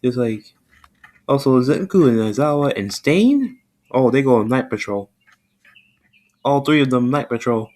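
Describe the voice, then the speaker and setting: A man's voice: mid-range voice, lively intonation, measured pace, pauses often, a little mellow. A man casually retelling a fan story, rambling with lots of "like" and freely swearing.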